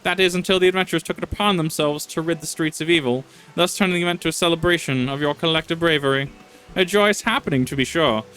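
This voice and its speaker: A man's voice: a little high, a bit bright, pitched above the performer's own voice, natural voice, rough recording. A man voicing a scheming pumpkin-headed witch in a game, using a pompous villain voice rather than a female one. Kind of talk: reading game dialogue aloud.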